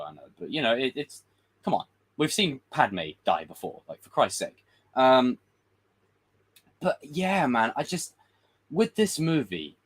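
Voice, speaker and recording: This man, hosting a livestream, has a medium-pitched and slightly bright voice. His talk about movies is casual, rambling, blunt and profane, broken up by rapid impressions.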